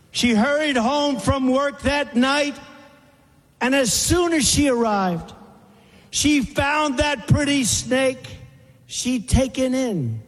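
A man slowly and deliberately reciting a poem with pauses, in a reverberant hall. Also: very high-pitched.

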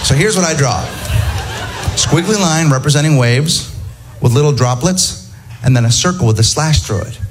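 A man's voice: a little high, lively intonation, normal speed, pauses often, a faint crowd, slight background noise. A man doing a stand-up set, ranting in an incredulous, storytelling way. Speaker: stand-up comedian.

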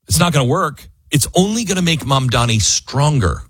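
A man's voice: a little high, animated, slightly rough, dry recording. A male radio talk show host giving emphatic, argumentative political commentary. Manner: emphatic, argumentative, shifts quickly between loud and hushed.

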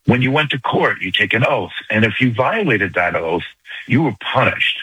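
Older new york guy calling a radio show, husky and forceful, pushy urgent argument, dry sound. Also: mid-range voice, very animated, moderate pace, no echo, low-quality recording. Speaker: caller. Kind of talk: call-in radio talk.

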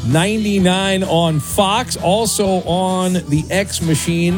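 Sports radio guy hosting, kinda high voice, joking around, faint music under him. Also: fairly even intonation. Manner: jokey, teasing, drawn-out emphasis. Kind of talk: live talk radio hosting.

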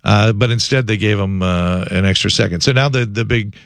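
A man's voice: on the low side, fairly quick, creaky, no echo. Morning radio guy, chatty, lots of uhs, dry studio sound. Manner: chatty, storytelling, many fillers. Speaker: radio breakfast show host. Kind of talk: casual morning radio chat.

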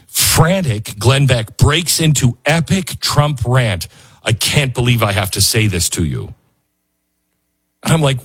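A man's voice: medium pitch, expressive, normal speed, slightly rough. A man hosting a talk radio show, rambling and self-mocking as he reads ads and reacts to headlines. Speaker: radio host.

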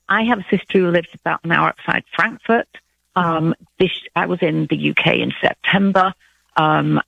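A British woman calling in to a radio talk show. She speaks earnestly, in halting bursts with restarts. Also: lowish voice, gravelly, breathy edge, no echo. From Britain. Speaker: caller. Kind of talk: call-in radio chat. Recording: muffled phone line.

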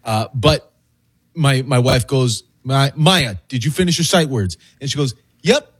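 A man in his thirties on a talk show, telling a family story in a laid-back, chuckling way with a husky voice. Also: mid-range voice, a little slow. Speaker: co-host. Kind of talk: casual storytelling banter.

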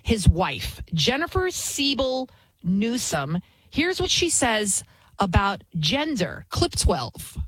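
A woman's voice: mid-range voice, big pitch swings, takes it slowly, slightly rough, no room sound, poor audio. A woman hosting a talk radio show as a fill-in, giving a blunt, indignant opinion monologue and repeating lines for emphasis.

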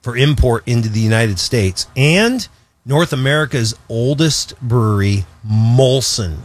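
A man co-hosting a radio show in casual on-air chat, animated and jokey, often restarting his sentences. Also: mid-range voice, unhurried, a little hiss or hum. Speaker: radio co-host.

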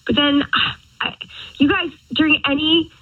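A woman's voice: sits high, steady tone, unhurried, dry recording. A young woman calling in to a radio show and telling a story in a chatty, exasperated way, full of likes and fillers. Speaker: caller. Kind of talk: casual storytelling on the phone. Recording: muffled phone-line sound.

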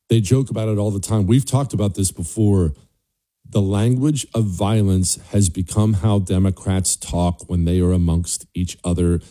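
A man's voice: lowish voice, mellow. A male talk show host giving an emphatic, scornful political monologue, repeating his points for stress.

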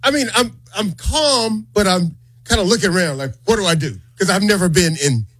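A man's voice: high voice, normal speed, husky, no room sound. A man, co-hosting a morning radio show and telling a story, acting out the voices of the people in it. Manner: animated storyteller, acts out quoted voices.

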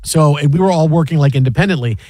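Fifties guy hosting sports talk, kinda high voice, tells stories all animated, dry close mic. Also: fast talker, no room sound. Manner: animated storyteller, repeats "yeah" a lot. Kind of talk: casual sports talk banter.

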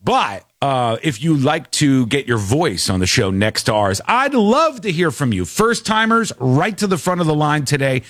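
A man hosting a talk show, telling stories in a rambling, animated way with quick asides. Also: fairly high pitch, no echo, clean studio sound. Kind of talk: casual talk show chat.

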